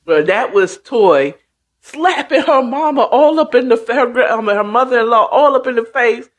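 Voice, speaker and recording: A woman hosting a casual story recap, chatty and profane in an unhurried way. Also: on the high side, expressive. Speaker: host.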